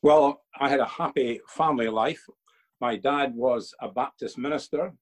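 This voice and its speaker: A man's voice: mid-range voice, normal speed, poor audio. An older man, a father being interviewed by his son for a church video, telling earnest stories and quoting himself with emphasis.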